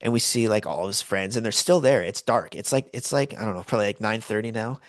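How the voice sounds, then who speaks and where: A man's voice: on the low side, fast talker, no room sound. A middle-aged man co-hosting a podcast, telling a story in casual chat and acting out the voices of the people in it. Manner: animated storyteller, acts out voices in quotes. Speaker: podcast co-host.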